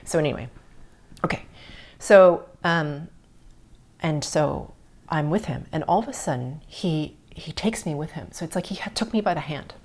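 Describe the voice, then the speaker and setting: Podcast host, woman, middle-aged, low-pitched, earnest storyteller who slips into soft whispers. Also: normal speed. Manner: earnest, drops to soft whispers at tender moments. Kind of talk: personal storytelling on a spiritual podcast.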